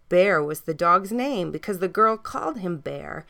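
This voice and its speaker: A woman reading a children's story aloud, gentle and soft, sometimes dropping almost to a hush. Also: medium pitch, lively intonation, moderate pace, gravelly, few pauses.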